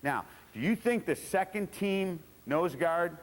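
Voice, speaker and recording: A fired-up man coaching a room of football coaches, blunt and salty, jumping into his players' voices as he tells his stories. His voice sits on the higher side. The sound carries the long ring of a large hall. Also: takes it slowly. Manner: blunt, profane, animated storytelling with acted quotes of players. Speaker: football coach giving a clinic talk. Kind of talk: coaching clinic lecture.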